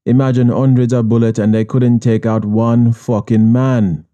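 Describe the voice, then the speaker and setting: A man's voice: mid-range voice, flat delivery, moderate pace, dark tone, lightly acted. A man doing a sneering, scolding boss man. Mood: berating. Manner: berating, sneering, swearing. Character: arrogant Jamaican Syrian boss man, contemptuous and scolding. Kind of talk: audiobook character voice.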